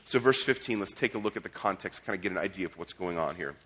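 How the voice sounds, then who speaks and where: A man's voice: deep voice, lively intonation, fast, fairly bright tone, slightly rough. A man preaching a sermon as pastor, conversational, with restarts and casual asides. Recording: long hall reverb.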